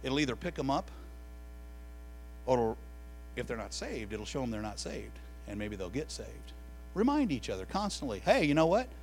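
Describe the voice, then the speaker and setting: A man preaching a sermon to a room of listeners, telling stories in an animated way that builds to loud, excited peaks. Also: medium pitch, moderate pace, pauses often, faint music behind, low-quality recording. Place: room with an audience.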